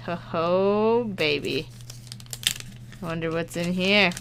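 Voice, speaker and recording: A woman YouTuber chatting casually as she opens fan mail, excitable and quick to laugh, with bursts of shouting. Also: on the low side, creaky, background noise. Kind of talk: casual unboxing chat.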